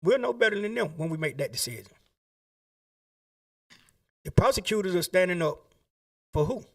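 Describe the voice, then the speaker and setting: A man's voice: high voice, expressive, normal speed, distant mic. A man making an impassioned public statement, asking pleading rhetorical questions.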